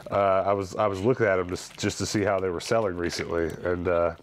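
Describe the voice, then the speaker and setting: A man vlogging about his thrift store finds in an animated, chatty, jokey way. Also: deep voice, quick pace. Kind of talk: casual chat.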